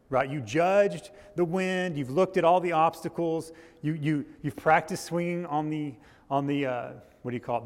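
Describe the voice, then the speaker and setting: A man preaching a sermon as pastor, telling a story in a loose, halting way with frequent restarts. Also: fairly high pitch, darkish tone, long reverb tail. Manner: storytelling with restarts and rising intensity. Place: church.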